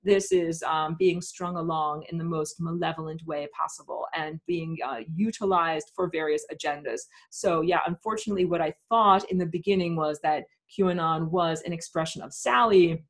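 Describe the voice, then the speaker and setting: A woman teaching a live webinar, talking in an emphatic, impassioned rant with many pauses and fillers. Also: low-pitched.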